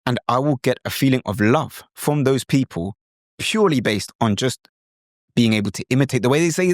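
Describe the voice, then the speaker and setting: Lively British man, dry close sound. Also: medium pitch, a little fast, no echo. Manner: lively, demonstrative, slips in and out of mimicked accents. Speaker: podcast host. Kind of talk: instructional podcast talk.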